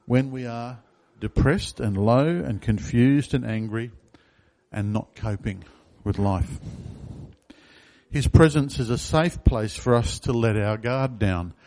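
A man's voice: mid-range voice, slow, a little mellow. A man preaching a sermon in a conversational way, asking the congregation questions. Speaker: pastor.

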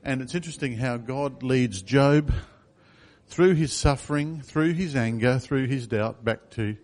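A man's voice: medium pitch, measured pace, darkish tone. A man preaching a sermon in a conversational way, asking the congregation questions. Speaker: pastor.

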